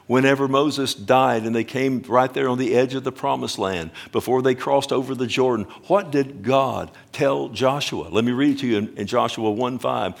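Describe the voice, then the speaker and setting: An older man preaching a sermon as pastor, emphatic and deliberate, swinging between hushed lines and booming ones, drawing out key words. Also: creaky. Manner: slow, drawn-out phrasing on key words.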